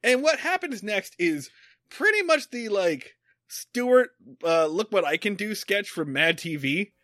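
A man's voice: high-pitched, very animated, measured pace, pushed and bright, dry recording, studio quality. A man co-hosting a podcast, ranting in heated, profane casual chat about a TV episode. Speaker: podcast co-host.

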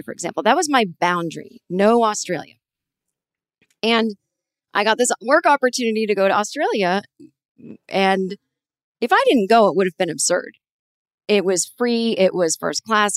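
A woman in her forties hosting a podcast, telling a long personal story in a rambling, animated way with many restarts. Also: medium pitch, dry recording, studio quality. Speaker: podcast host. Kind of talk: conversational interview.

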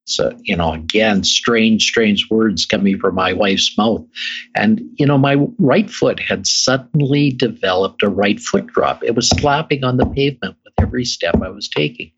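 A middle-aged man with a somewhat low, husky voice tells his story to a host and leans on repeated phrases for emphasis. The recording sounds dull and lo-fi. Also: moderate pace, a bit bright. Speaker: guest. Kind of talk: interview storytelling.

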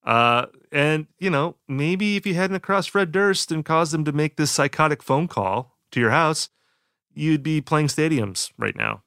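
A man's voice: a little high, expressive, measured pace, creaky, a bit bright, clean tone, dry recording, clean studio sound. A man co-hosting a podcast in casual chat, joking, with many fillers and restarts. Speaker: podcast co-host.

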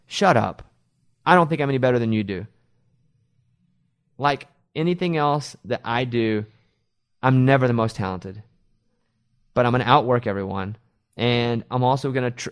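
A middle-aged man hosting a radio show, telling stories in a loose, animated way. He slips into other people's voices when he quotes them, in a middle-range pitch. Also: fast talker. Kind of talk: casual chat.

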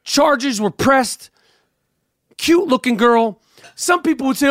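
High-voiced man ranting crudely. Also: expressive, takes it slowly, a bit bright, no room sound. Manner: heated, crude, incredulous ranting. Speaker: host. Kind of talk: profane comedic rant.

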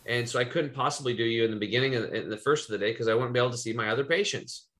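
A man's voice: mid-range voice, racing, fairly bright tone. Rambling man from Eastern Oregon. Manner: rambling, loose and swearing. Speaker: podcast host. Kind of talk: casual storytelling chat.

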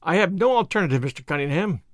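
A man's voice: sits high, expressive, fast, no room sound, clean studio sound. A man reading the part of a brusque, bewildered male police inspector who speaks in exclamations.

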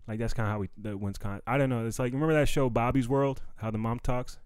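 A man's voice: lowish voice, fast talker, hardly any pauses, darkish tone, clear, resonant tone, dry recording. Slangy young man, dry close mic. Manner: loose slangy street talk, lots of fillers and "you know what I mean". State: recovering from bronchitis. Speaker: stand-up comedian and podcast host. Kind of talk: casual solo podcast monologue.

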